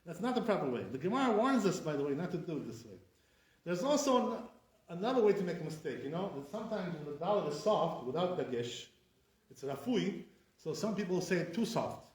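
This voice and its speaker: Man, rabbi giving an informal class, keeps asking "right?", high voice, distant mic. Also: sing-song, fairly quick, darkish tone. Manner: chatty, often asks "right?", acts out wrong and right pronunciations. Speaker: rabbi teaching Hebrew pronunciation. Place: classroom with a live audience. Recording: echoey room, voice picked up from a distance.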